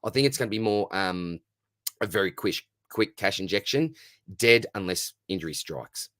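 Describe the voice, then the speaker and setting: A man's voice: lowish voice, expressive, normal speed, a bit bright, no room sound, clean studio sound. A man with an Australian accent hosting a casual live stream Q&A, reading out chat questions and answering them in a friendly, matey way.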